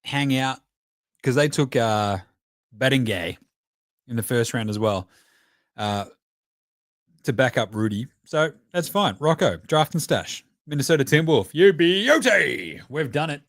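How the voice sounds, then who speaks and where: An Australian man in his thirties reacting live as a host, profane and excitable, cheering and chanting at the screen between chatty stories. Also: mid-range voice, unhurried, pauses often, no echo, studio quality. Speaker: podcast host.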